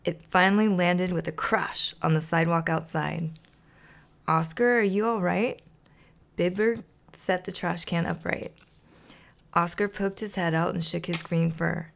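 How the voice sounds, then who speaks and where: A woman's voice: lowish voice, fairly even intonation, normal speed, creaky. A woman hosting a casual podcast, chatting and reading a children's storybook aloud, laughing often. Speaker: podcast host.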